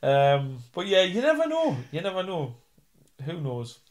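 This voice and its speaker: A man's voice: sits high, huge pitch swings, unhurried. Chatty Geordie man. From North East England. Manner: chatty and self-deprecating, many fillers and restarts. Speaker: actor and singer. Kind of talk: casual interview chat.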